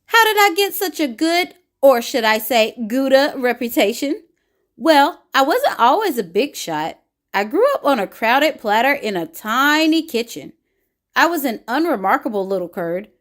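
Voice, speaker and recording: A woman reading aloud as a boastful, attention-hungry cheese, in a pompous, showy storybook manner. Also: high-pitched. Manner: pompous, showy, drawn-out bragging. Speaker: children's book reader. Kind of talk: picture book read-aloud.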